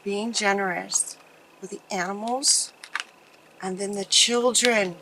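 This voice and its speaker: A woman reading tarot cards for viewers, earnest and tender, often halting and restarting mid-sentence. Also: medium pitch, fairly even intonation, background noise. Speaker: tarot card reader. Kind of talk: pick-a-card tarot reading.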